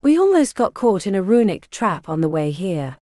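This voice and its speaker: A woman's voice: mid-range voice, very animated, normal speed, warm tone, no echo, studio quality, close to an everyday voice. A woman reading the part of an eager young female illusionist mage in an audiobook.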